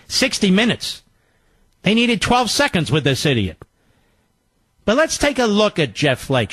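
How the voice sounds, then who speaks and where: A man's voice: high-pitched, very animated, measured pace, pauses often, a bit bright, husky, dry recording. A man hosting a talk show, delivering a combative political monologue with sarcastic, mocking asides.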